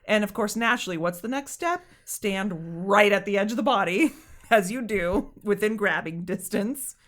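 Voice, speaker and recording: A woman co-hosting a podcast, chatting casually about a movie, laughing often and acting out scenes in quick little voices. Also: mid-range voice, animated. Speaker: podcast co-host. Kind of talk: casual movie review chat.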